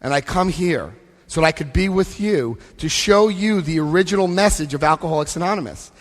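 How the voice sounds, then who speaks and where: Male convention speaker, high-pitched voice, emphatic, repeats himself, long hall reverb. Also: animated, a little fast. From United States. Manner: emphatic, repeats key phrases, asks the crowd questions. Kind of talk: recovery talk with book reading.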